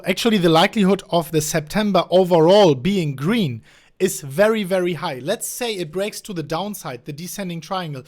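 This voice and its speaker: A man with a German accent hosting a casual market talk on a call, animated and speaking slightly broken English. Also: high voice. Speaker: host.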